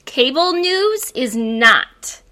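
A woman's voice: high-pitched, very animated, very slow, sharp tone. A woman co-hosting an opinion talk show in a casual chat, speaking firmly and cutting in with assertive asides. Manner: firm, assertive asides and interjections. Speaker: co-host.

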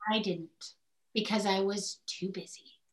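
An older woman co-hosting a candid podcast conversation, telling personal stories in an animated way and acting out what people said. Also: medium pitch, unhurried. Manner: animated storyteller who acts out quoted speech. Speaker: podcast co-host.

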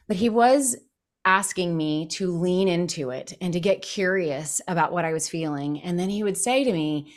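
A woman's voice: on the low side, fairly quick. A middle-aged woman, a counselor and author, speaking as a podcast guest in an encouraging, reflective way. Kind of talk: conversational interview.

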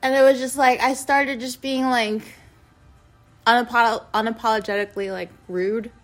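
A young woman vlogger telling a personal story in a rambling, casual way, filling every pause with "like" and speaking bluntly with plenty of swearing. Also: a little high, steady tone, faint music behind. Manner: rambling, heavy use of "like", blunt and profane.

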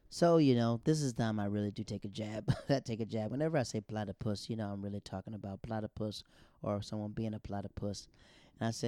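A man who does stand-up comedy, telling stories in a casual, animated way and acting out the dialogue he quotes. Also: medium pitch, brisk, clear, resonant tone, dry recording, clean studio sound. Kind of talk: casual storytelling.

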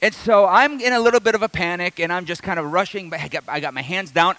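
A middle-aged male pastor from the Detroit area preaches through a humorous personal story, poking fun at himself before building into full preaching. His voice is a little high and sharp, moving quickly with hardly any pauses.

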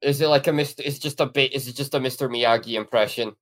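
Guy with a mid-pitched voice, casual podcast chat, wry jokey asides. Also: fast talker. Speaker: podcast co-host.

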